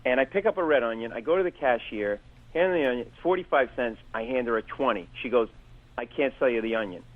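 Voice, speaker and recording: A man's voice: mid-range voice, lively intonation, fast, phone-quality sound. A middle-aged man, a comedian, telling a story on a podcast, acting out both sides of an argument and rambling with fillers and restarts. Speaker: comedian guest.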